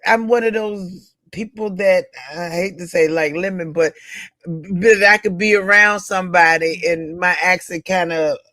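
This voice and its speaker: A woman's voice: on the low side, steady tone, measured pace, a bit bright, no room sound. A woman from New York in casual chat on a live stream, laughing often as she talks.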